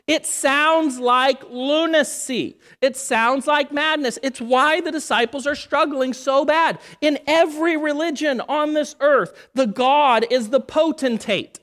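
A woman preaching a sermon, emphatic, building through repeated phrases and dropping low and quiet to stress key points.

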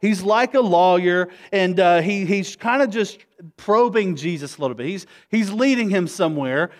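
A pastor preaching to his congregation with a notably high voice. He talks in an easy, energetic way and keeps calling the room to respond. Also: moderate pace. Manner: conversational, energetic, rallies the congregation. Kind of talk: sermon. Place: church, before a congregation.

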